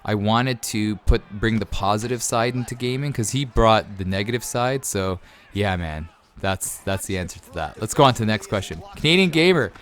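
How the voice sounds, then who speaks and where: A man's voice: lowish voice, animated, normal speed, a bit bright, slight background noise. A man in his thirties, a gaming YouTuber, chatting casually as he reads out and answers viewer questions over gameplay.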